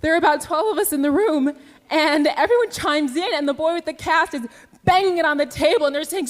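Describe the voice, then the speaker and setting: A woman's voice: high-pitched, lively intonation, fairly quick, soft background music. Earnest woman telling a personal story. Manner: earnest, emotional, shifting pace.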